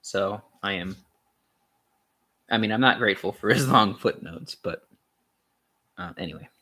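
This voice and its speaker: Young man, lowish voice, casual read-aloud of a philosophy text; halting delivery, lots of ums, dry sarcastic asides. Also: bright, forceful tone. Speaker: channel host reading aloud.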